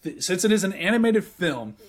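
A man co-hosting a casual podcast chat, joking, swearing and talking with animated energy. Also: sits high, a little fast. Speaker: podcast co-host.

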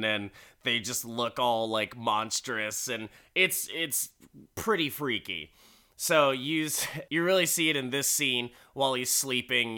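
Male recapper, bright and sharp, profane and animated. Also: mid-range voice. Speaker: show recapper. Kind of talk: casual commentary.

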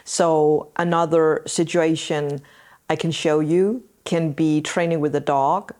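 Low-voiced woman explaining earnestly. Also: steady tone, takes it slowly, darkish tone. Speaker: podcast host. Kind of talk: casual talk to listeners.

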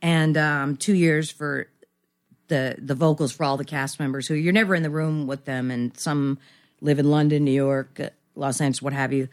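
A woman's voice: sits low, steady tone, normal speed. A woman in her fifties, a guest actress in a casual podcast interview, rambling and self-deprecating with many restarts.

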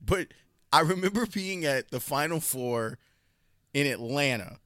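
Bright, lively sports radio host. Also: male voice, on the high side, unhurried, no echo, studio quality. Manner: lively, conversational storytelling. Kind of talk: casual conversation between radio hosts.

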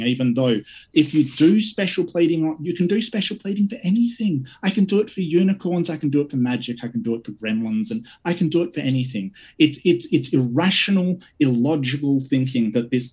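A man debating online, pressing his points hard and stacking up objections in quick lists. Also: medium pitch, husky. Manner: forceful, lists points in rapid runs. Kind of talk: online debate closing statement.

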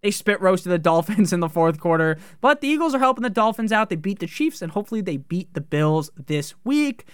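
A man's voice: sits high, very animated, clear, resonant tone, no room sound, clean studio sound. A man hosting a fantasy football podcast, joking and swearing through casual commentary. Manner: profane, joking, fast-talking.

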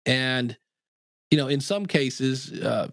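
A man, a podcast coach, answering interview questions in an animated way, acting out the people he quotes. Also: medium pitch, slow, no room sound, clean studio sound.

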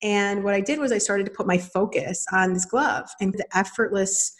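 A woman's voice: mid-range voice, moderate pace. A woman in her thirties hosting a podcast, talking casually and animatedly, acting out little quoted voices as she explains. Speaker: podcast host. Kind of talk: casual teaching monologue.

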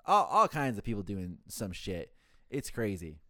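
A man's voice: lowish voice, moderate pace, no room sound, clean studio sound. A man working a hotel front desk, chatting casually and acting out the callers he deals with, swearing freely as he goes. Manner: animated storyteller, acts out callers in quoted voices, swears casually. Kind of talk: casual chat.

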